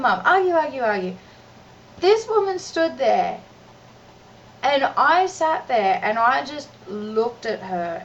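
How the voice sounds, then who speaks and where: A high-pitched woman rants in a vlog, emphatic and exasperated, often breaking off and restarting. She sounds set back from the microphone. The recording is dull and lo-fi with faint noise behind her. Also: far from the mic. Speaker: mother and vlogger. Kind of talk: ranting vlog monologue.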